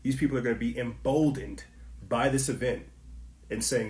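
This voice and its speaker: A man delivers a heated commentary monologue on his podcast, preachy and repetitive, talking straight at his listeners. His voice sits at an ordinary middle pitch. The room around him is echoey. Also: normal speed, darkish tone. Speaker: podcast host.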